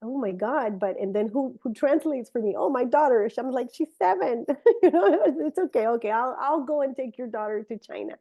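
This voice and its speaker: A middle-aged woman whose first language is Spanish tells a long personal story in casual, animated talk. Her voice sits a little high but has a mellow, warm tone. She leaps up into bright, excited tones when acting out what people said. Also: a little fast, few pauses, dull audio. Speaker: speaker sharing a testimony.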